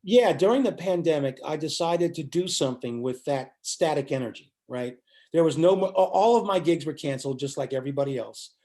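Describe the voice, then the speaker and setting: Animated older man telling a story. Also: on the high side, fairly quick. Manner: animated storyteller acting out quotes. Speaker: musician guest. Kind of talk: storytelling in an interview.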